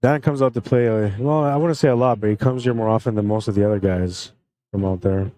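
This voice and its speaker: This is a man doing live play-by-play for a pool tournament stream. His voice sits fairly low, with a warm, mellow tone. He talks in a friendly, unhurried way and greets viewers from the chat as the match goes on. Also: dry recording. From Canada. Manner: relaxed, friendly, reads out chat comments between shots.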